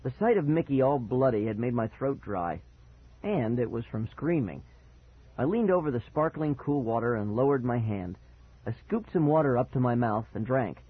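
A man's voice: mid-range voice, husky, no room sound. A man narrating a first-person spooky children's story expressively, on a dry, tinny recording. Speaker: audiobook narrator. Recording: dry, tinny phone-like sound.

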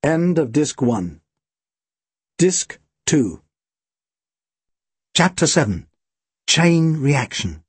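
A man reads a first-person story aloud in a husky, breathy voice that moves all over its range. He lands wry, deadpan asides, and the recording is dry, close and free of room sound. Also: a little high, drawn-out words, long pauses, dry recording. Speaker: audiobook narrator.

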